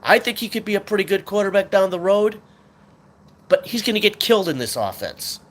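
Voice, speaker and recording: A man's voice: high voice, very animated, brisk. A man hosting a sports talk show, venting in an angry, swearing rant about his team. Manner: frustrated, swearing, ranting fan.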